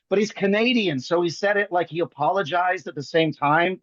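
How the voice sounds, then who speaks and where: A man guest on a video call, riffing and joking fast with bits of mimicry. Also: high-pitched, a bit bright, no room sound, lo-fi sound. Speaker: guest magician. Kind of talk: comic banter on a video call.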